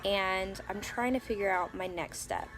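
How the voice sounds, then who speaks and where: In a casual home vlog, a young mother of three small children tells a rambling story riddled with fillers and restarts, her mid-range voice moving at a moderate pace. She quotes her kid in a soft whisper over faint background music.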